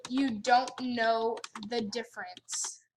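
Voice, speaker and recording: A woman's voice: fairly high pitch, steady tone, slow pace, slight background noise. A woman ranting with sassy indignation while commentating her gameplay at home by the computer. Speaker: gaming channel host.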